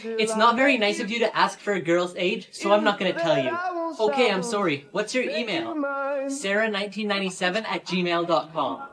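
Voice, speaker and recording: A man from San Diego performing short comedy skits, playing every part with sarcastic deadpan comebacks. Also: high voice, a little fast, a crowd in the background. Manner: sarcastic deadpan comebacks, switching between characters. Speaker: comedy creator.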